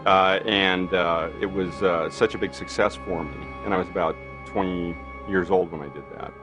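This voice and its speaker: A man's voice: deep voice, normal speed, music in the background. A man in an interview telling anecdotes animatedly, acting out quoted dialogue with many fillers. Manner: animated, acts out quoted dialogue, frequent "you know". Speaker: interviewee recalling film work. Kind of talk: anecdotal storytelling.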